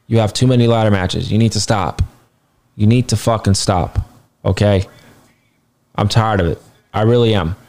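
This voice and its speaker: A man's voice: fairly low pitch, darkish tone. A man casually reviewing a wrestling show, blunt and rambling, swearing now and then, sounding tired. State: tired, yawning.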